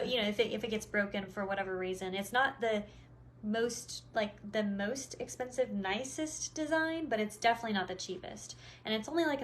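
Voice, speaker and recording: A woman talks through dog training at an even, middle pitch, loose and conversational, circling back with little fillers as she goes. A faint hum of noise sits behind her voice. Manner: rambling, many fillers and restarts. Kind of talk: casual explanatory talk.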